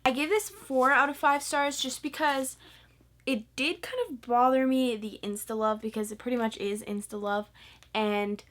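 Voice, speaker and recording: A woman's voice: a little high, steady tone, normal speed, a bit bright. A teenage girl chatting in a casual, gushing way about books she read, with lots of "like" fillers. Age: teen. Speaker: book vlogger. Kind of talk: casual book review vlog.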